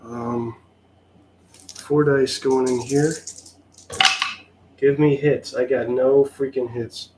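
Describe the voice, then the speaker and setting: A man's voice: medium pitch, fairly even intonation, slow, long pauses, background noise. A man giving a wry, sarcastic play-by-play of his own solo tabletop wargame, sounding mildly exasperated. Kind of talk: casual play-by-play of a tabletop game.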